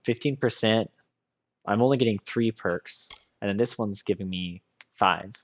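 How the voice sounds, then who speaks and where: Tired guy with a lowish voice thinking out loud while streaming a game. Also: normal speed, dry recording. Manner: musing aloud, thinking through choices. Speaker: let's play streamer. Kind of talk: casual gameplay commentary.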